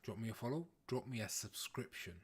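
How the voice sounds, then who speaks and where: A man hosting a casual livestream, chatting with viewers in a playful, teasing way and often breaking into loud exclamations. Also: medium pitch, animated, brisk, breathy edge. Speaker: livestream host. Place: home, in the UK.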